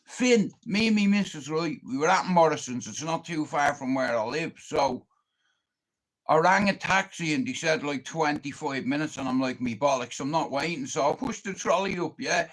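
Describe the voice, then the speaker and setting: A man's voice: fairly high pitch, animated, moderate pace, a bit bright. An Irish man livestreaming, telling a long, confrontational story full of swearing and boasting. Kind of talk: casual storytelling rant.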